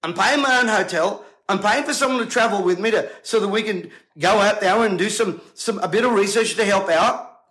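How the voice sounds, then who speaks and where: An indignant male preacher with a strikingly high voice. He speaks to camera in a bright, forceful tone and keeps firing off rhetorical questions. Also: brisk, poor audio. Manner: emphatic, combative, rhetorical questions.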